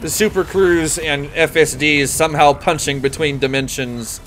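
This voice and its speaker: A man's voice: a little high, fairly even intonation, normal speed, a crowd in the background. A man casually chatting on a live game stream, rambling, correcting himself and laughing easily.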